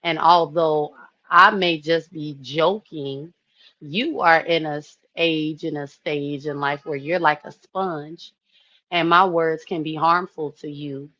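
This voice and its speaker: A woman in her early thirties telling a personal story to her viewers in a chatty, animated way, often saying "you know". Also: low-pitched, slow, no echo, lo-fi sound. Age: 30s. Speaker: vlogger.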